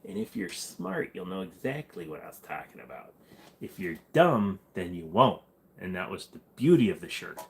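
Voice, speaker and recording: Livestream host, male, lowish voice, rambling, jokey, casual chat. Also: big pitch swings, moderate pace, slight background noise. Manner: loose, joking, rambling with many fillers and restarts. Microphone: desk microphone.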